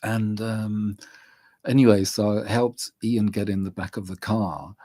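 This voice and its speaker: Slow, rambling low-voiced man. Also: fairly even intonation, mellow, no echo. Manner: rambling, chuckles often, many fillers. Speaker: vlogger. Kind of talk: casual storytelling.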